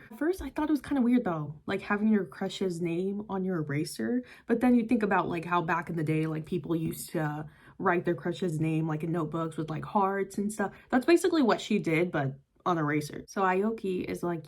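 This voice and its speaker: A woman's voice: medium pitch, animated, normal speed. Chatty young woman retelling a manga. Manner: chatty retelling, heavy use of "like" and "yada yada". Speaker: manga reviewer. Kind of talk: casual book review vlog.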